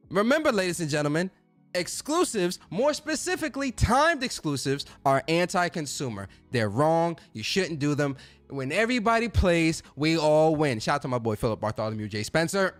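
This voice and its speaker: A man's voice: fairly high pitch, expressive, normal speed, faint music behind. A man hosting a gaming stream in a casual, profane rant, repeating phrases for emphasis.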